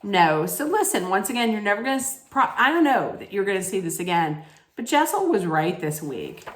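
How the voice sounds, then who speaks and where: A woman's voice: mid-range voice, very animated, fairly quick. A woman ranting in a casual recap vlog, blunt, scolding and full of profanity. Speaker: reality TV recap vlogger. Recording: echoey room.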